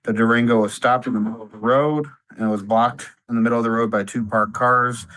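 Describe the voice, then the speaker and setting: A man's voice: mid-range voice, steady tone, brisk, fairly bright tone, low-quality recording. A man serving as a police detective, giving sworn testimony and reading out facts in a procedural way.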